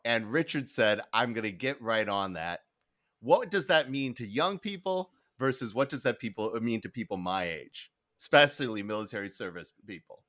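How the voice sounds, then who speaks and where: A man from Detroit talking on a podcast in casual chat, his voice dry and close with no room around it. He tells anecdotes with emphasis and pitch in the middle range, laughing through the punchlines. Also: expressive, normal speed, hardly any pauses, fairly bright tone, no room sound. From Detroit, United States. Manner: storytelling, emphatic, laughs while telling anecdotes.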